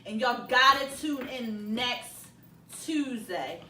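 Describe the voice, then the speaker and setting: A woman hosting a casual talk show, animated and laughing, acting out phone greetings. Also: a little high, takes it slowly. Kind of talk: casual panel chat. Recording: roomy, distant mic, faint noise.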